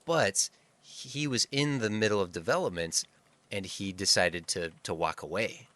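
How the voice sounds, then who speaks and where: A man co-hosting a film podcast in casual chat, animated and self-mocking, often breaking into laughter. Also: fairly low pitch, measured pace, dry recording. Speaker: podcast co-host.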